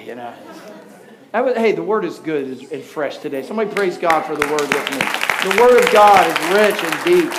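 High-voiced man preaching a lively sermon. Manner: energetic, builds to loud passionate preaching, jokes with congregation. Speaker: pastor.

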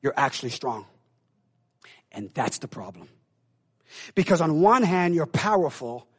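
A man preaching a sermon with impassioned delivery, swinging between loud calls and hushed, intense passages and acting out God's voice. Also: on the high side, very animated, a little slow, breathy edge.

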